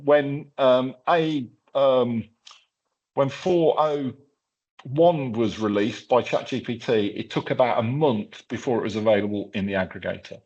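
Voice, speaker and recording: A man's voice: mid-range voice, unhurried, darkish tone. A man presenting a hands-on workshop, talking casually through a live tech demo with lots of fillers and restarts. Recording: slightly dull lo-fi sound.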